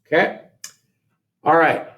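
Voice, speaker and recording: A man teaching a software lesson, talking through each step aloud in a casual way and correcting himself as he goes. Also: slow. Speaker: instructor. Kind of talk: screen-recorded software tutorial.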